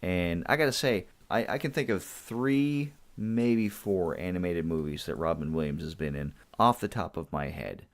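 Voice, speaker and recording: A man in his forties talks in a casual podcast chat with a very low voice. He speeds up in animated bursts and chuckles at his own jokes. He sounds relaxed and enthusiastic. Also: moderate pace, few pauses. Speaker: podcast co-host.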